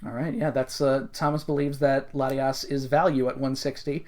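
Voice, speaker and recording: A man's voice: mid-range voice, flat delivery, normal speed, darkish tone. A young man hosting a casual online draft, announcing picks with hype and frequent laughter. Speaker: draft host.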